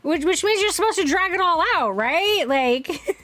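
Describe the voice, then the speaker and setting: A woman streaming a video game, chatting casually, animated and prone to giggling. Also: very high voice, a little slow, no room sound, soft background music. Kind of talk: casual gaming stream chat.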